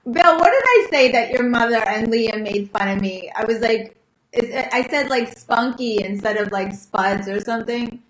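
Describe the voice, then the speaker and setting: A woman's voice: fairly high pitch, expressive, moderate pace, echoey room, low-quality recording. A woman co-hosting a podcast in casual, rambling chat, with lots of restarts. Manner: chatty, rambling, many restarts. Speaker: podcast co-host.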